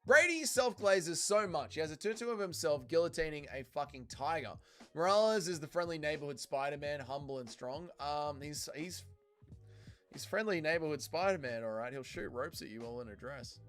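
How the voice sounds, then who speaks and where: A man's voice: a little high, lively intonation, normal speed, a bit bright, faint music behind. A man hosting a casual livestream, reading viewer comments aloud and answering them in a loose, profane way. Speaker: livestream host reading chat.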